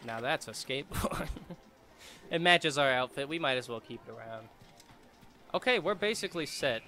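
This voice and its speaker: Bright-voiced man joking through a game. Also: medium pitch, very animated, normal speed. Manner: joking, chatty, laughs often. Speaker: gamer streamer. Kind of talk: casual let's-play commentary.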